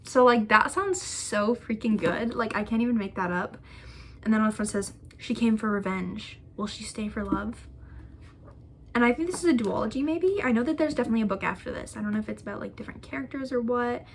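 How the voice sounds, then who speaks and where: A woman's voice: a little high, lively intonation, fast talker, a little hiss or hum. A young woman chatting casually as a book vlogger, gushing and rambling with lots of fillers and restarts. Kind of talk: casual chat.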